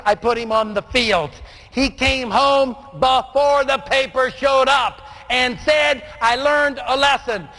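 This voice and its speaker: A man giving a motivational speech to a live audience, calling for answers and shouting his key lines. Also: high-pitched. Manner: call-and-response, pushes crowd to answer, shouts punchlines. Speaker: motivational speaker. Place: Dallas.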